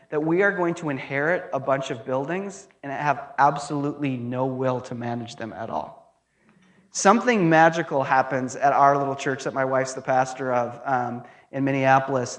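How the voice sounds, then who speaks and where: A man in his thirties giving a conversational lecture, animated and wry, with humorous stories. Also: on the high side.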